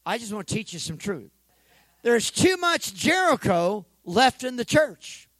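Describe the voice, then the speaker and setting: A male pastor preaching an energetic sermon, calling for responses from the congregation and joking in between. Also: very high-pitched, measured pace, no room sound, poor audio. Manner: joking asides.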